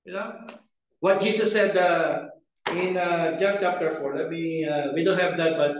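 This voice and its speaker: A man's voice: fairly high pitch, measured pace, a little hiss or hum. A man preaching a sermon in a church, earnest, repeating key phrases for emphasis and asking the congregation questions. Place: church hall. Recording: echoey room, picked up from a distance.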